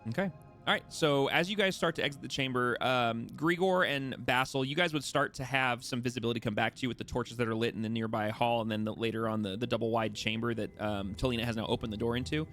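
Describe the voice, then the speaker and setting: A man's voice: mid-range voice, fairly even intonation, fast talker, fairly bright tone, soft background music. A man narrating a tabletop game as its game master, with a rambling, self-correcting delivery. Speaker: dungeon master.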